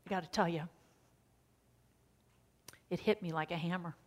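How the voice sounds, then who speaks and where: A woman pastor preaching a sermon in a conversational storytelling way, dropping to a hush on key lines. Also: fairly low pitch, steady tone, normal speed.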